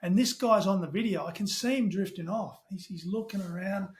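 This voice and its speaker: Fast-talking Australian man, high voice. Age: middle-aged. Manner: animated storyteller, talks fast with casual swearing. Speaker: podcast guest, tech company CEO. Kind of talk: casual podcast chat.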